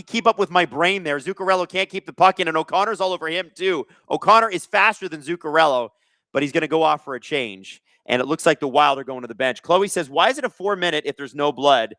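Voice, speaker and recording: A man hosting a live hockey watch-along, reading viewer chat aloud and calling plays with excitable energy. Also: a little high, quick pace, no room sound, studio quality.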